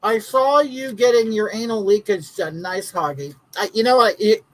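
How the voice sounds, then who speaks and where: A woman's voice: mid-range voice, moderate pace, poor audio. A woman hosting a comedic live stream, chatting in a campy way and greeting viewers by name.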